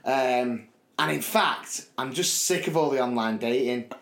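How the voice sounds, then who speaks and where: Man telling a story with animated quoted voices. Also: medium pitch, measured pace, creaky, reverberant. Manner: animated, quotes friends in put-on voices, laughs often. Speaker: podcast co-host. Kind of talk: casual storytelling chat.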